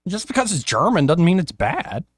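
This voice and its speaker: Casting: lively male talk host, wry and joking, dry studio sound. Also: sits high, moderate pace, husky, no echo. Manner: wry, joking, animated delivery. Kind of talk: casual talk radio banter. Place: radio studio.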